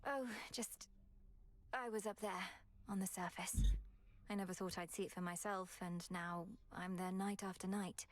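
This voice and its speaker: An actress voicing a determined young goddess heroine in a video game, speaking in a resolute, measured way. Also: female voice, medium pitch, fairly even intonation, close to an everyday voice. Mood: earnest.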